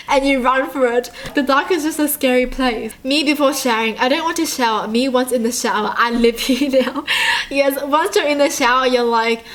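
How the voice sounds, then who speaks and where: Bubbly high-voiced young woman vlogger. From Australia. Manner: bubbly, giggly, chatty. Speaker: YouTube reaction host. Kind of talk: casual reaction vlog.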